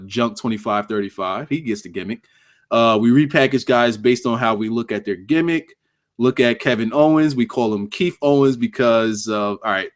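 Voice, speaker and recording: A man hosting a casual livestream review of a wrestling show, cursing freely, laughing often and joking with his chat. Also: mid-range voice.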